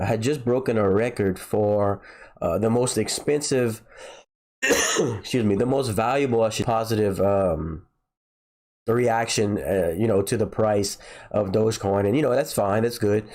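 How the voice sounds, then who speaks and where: Man, channel host, head-cold stuffiness, rambling with lots of fillers, fairly low voice. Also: a little mellow. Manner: rambling, many filler words and restarts. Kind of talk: casual solo video talk.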